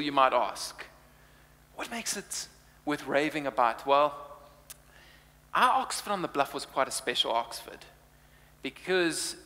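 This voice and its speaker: A man's voice: on the high side, bright, forceful tone, big-room sound. A young man preaching a humorous sermon, playful and chatty, laughing often. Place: church hall.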